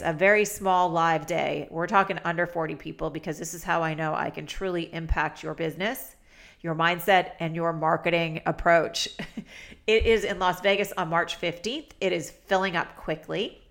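A woman's voice: fairly low pitch, fairly bright tone. Nasal-voiced woman hosting a podcast. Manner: chatty, upbeat and promotional. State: nasal from a head cold. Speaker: podcast host. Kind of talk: casual solo podcast talk.

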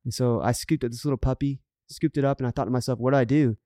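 A man's voice: mid-range voice, fairly even intonation, quick pace, dark tone, no room sound, studio quality. A middle-aged man on a podcast, telling an earnest story in casual chat and acting out the quotes. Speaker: podcast co-host.

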